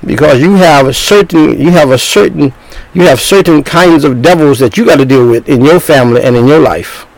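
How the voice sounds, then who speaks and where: A man's voice: a little high, fairly quick, no room sound, low-quality recording. An older man in his sixties preaching a sermon as a pastor, talking in bursts with repeated words and restarts.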